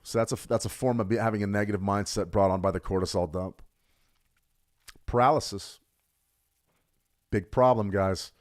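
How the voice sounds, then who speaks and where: A man's voice: fairly low pitch, fairly even intonation, moderate pace, pauses often. A middle-aged man coaching traders in a live workshop, blunt and emphatic, repeating points for stress. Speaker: trading coach.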